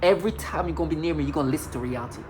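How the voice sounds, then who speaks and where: Low-voiced woman ranting, agitated and accusatory. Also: very fast, a little mellow, a little hiss or hum. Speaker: video blogger. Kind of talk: angry monologue to camera.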